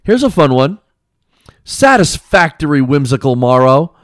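Lively podcast host reading puzzle clues. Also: mid-range voice, a little slow, dry recording, clean studio sound. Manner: teasing, laughs often, reads clues deadpan. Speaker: podcast host running a word-puzzle game. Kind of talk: casual podcast chat.

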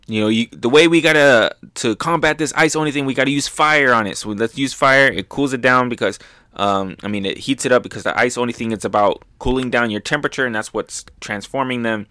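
A man's voice: mid-range voice, sharp tone, clean tone, no echo, studio quality. A man hosting a manga review, chatting loosely with lots of fillers and swearing as he recaps chapters. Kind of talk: casual recap commentary.

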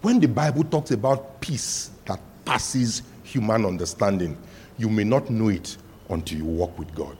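A man preaching a sermon as pastor, telling stories and rising to loud cries. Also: fairly low pitch, animated, moderate pace, slightly rough.

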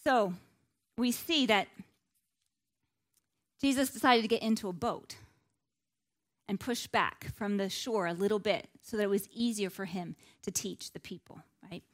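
A woman giving a Bible lesson in an easygoing, conversational way. She talks informally, with frequent asides and checks with her listeners. Her voice sits at an ordinary middle pitch for a woman. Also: measured pace, long pauses. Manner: chatty, with many "like" and "you know" asides. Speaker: Bible teacher.

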